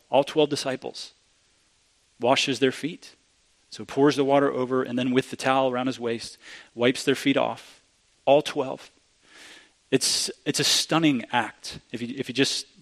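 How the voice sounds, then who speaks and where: Man preaching a conversational sermon. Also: mid-range voice. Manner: conversational, restarts often, grows emphatic when quoting.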